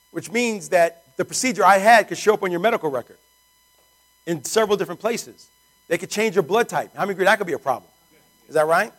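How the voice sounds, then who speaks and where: A man giving an energetic sales pitch to guests in a meeting room, often asking the audience rhetorical questions. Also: poor audio. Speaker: sales presenter.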